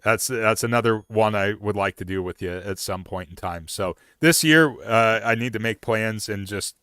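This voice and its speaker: Male stream host, rambly and casual; bright, crisp tone. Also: on the low side, moderate pace, dry recording, studio quality. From Oregon. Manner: rambling, many fillers and restarts. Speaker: livestream host. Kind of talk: casual outdoors chat.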